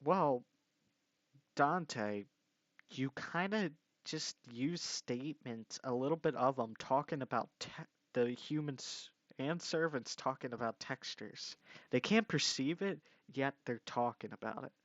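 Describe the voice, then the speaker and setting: Young guy ranting slow and sarcastic, dry dull lo-fi mic. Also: mid-range voice, lively intonation, no echo. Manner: exasperated, mocking, swears. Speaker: commentary youtuber. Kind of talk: rant commentary video.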